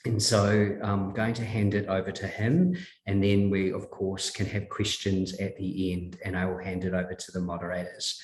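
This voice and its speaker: Kiwi guy hosting, low flat voice, sounds like hes in a roomy space. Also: a little hiss or hum. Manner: measured, presenter-like. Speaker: host introducing the speaker. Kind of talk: event introduction. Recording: roomy echo.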